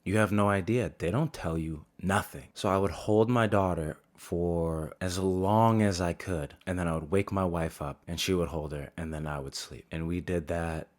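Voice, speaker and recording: A man's voice: sits low, normal speed, hardly any pauses. A man in his thirties doing a stand-up monologue, telling his stories in a profane, exasperated way. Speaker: stand-up comedian.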